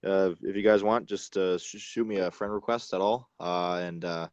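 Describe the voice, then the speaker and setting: Low-voiced canadian man, lots of uh's, dry close mic. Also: fairly even intonation, a little mellow, no echo, highs cut off. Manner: halting, many uh fillers and restarts. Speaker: guest wrestler. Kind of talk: casual interview chat.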